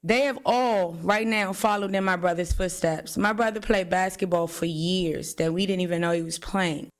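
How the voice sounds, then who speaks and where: A woman's voice: lowish voice, normal speed. Grateful woman thanking police. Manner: grateful, churchy thanks, introducing family. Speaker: victim's sister. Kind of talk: press conference statement.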